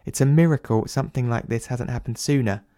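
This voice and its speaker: A man voicing the prime minister's wife, gently placating and condescending, in an audio drama. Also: medium pitch, brisk, no echo, studio quality, lightly acted. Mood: coaxing. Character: soothing, patronizing wife of the prime minister, adult woman.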